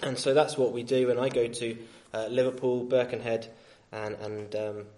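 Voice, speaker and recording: A male street preacher giving a sermon in a gentle, reasoning tone, with frequent fillers and restarts. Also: medium pitch, little pitch movement, moderate pace.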